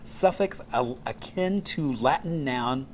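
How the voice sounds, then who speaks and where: A man's voice: medium pitch, lively intonation, slow pace, a little hiss or hum. A middle-aged man co-hosting a casual morning show, talking in a playful, exuberant way. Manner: playful, exuberant, goofy sound effects. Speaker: co-host.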